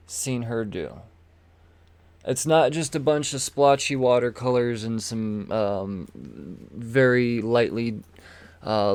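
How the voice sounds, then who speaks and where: A man hosts a comic book podcast on his own, showing comics while talking casually and enthusiastically, rambling and often repeating words. His mid-range voice is creaky and darkish, recorded with no echo.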